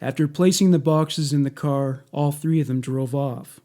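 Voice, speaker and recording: A man reading a scripted documentary narration in a measured, matter-of-fact way. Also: on the high side, warm tone.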